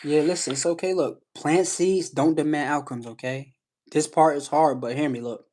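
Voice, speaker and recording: A man's voice: a little high, steady tone, moderate pace, a little mellow. A man hosting a live stream, coaching callers with emphatic, repetitive advice and frequent "you know what I'm saying.". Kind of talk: casual coaching talk to callers.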